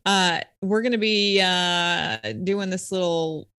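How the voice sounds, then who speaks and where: A woman co-hosting a podcast in casual chat, easygoing and quick to laugh, with short replies while others talk. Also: fairly low pitch, steady tone, fairly bright tone, smooth, dry recording, clean studio sound. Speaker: podcast co-host.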